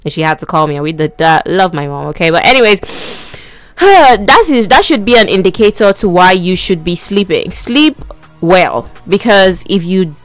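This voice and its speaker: A woman's voice: fairly low pitch, animated, normal speed, no echo, soft background music. Chatty woman radio host, dry studio sound. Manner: chatty, playful, talks straight to listeners. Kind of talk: casual radio chat.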